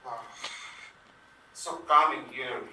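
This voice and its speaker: A man improvising a horror scene over a video call, talking through each step as he goes. His voice is bright, picked up from a distance in an echoey room with faint noise behind it. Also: medium pitch, slow. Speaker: improv performer.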